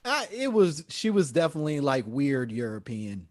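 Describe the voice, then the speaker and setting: Male comic, thirties, slightly high voice, animated storyteller. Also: normal speed. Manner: animated, acts out quotes. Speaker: comedian guest. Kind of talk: casual storytelling chat.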